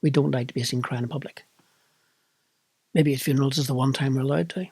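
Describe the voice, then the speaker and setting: A man's voice: medium pitch, steady tone, fast, vocal fry, dark tone, husky, dry recording. A middle-aged man with a Northern Irish accent, candidly recounting a personal experience in a reflective monologue. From Northern Ireland. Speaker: vlogger.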